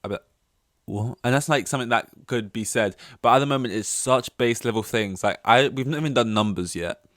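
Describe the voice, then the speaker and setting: Rambling young man, smooth voice. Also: medium pitch, fast talker, fairly bright tone, dry recording, studio quality. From London. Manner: rambling, self-deprecating, many fillers and restarts. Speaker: podcast host. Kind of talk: casual solo chat.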